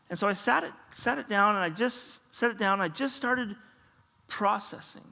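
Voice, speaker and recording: A middle-aged male pastor tells a sermon story with a high, bright, forceful voice. He acts out the dialogue with lively energy, and his voice rings with long reverb through a large church hall. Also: normal speed, creaky.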